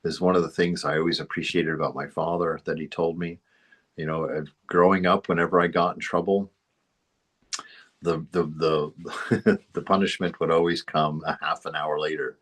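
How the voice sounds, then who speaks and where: A man's voice: a bass voice, flat delivery, moderate pace, a bit bright. A man giving an informal spiritual teaching, rambling into anecdotes and chuckling often. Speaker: spiritual study group teacher.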